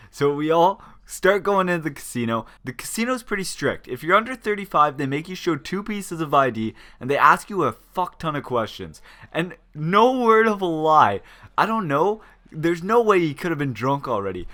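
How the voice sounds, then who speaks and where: A young man telling a story in a casual, animated way, swearing and quoting his friends. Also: fairly high pitch, moderate pace. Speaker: vlogger.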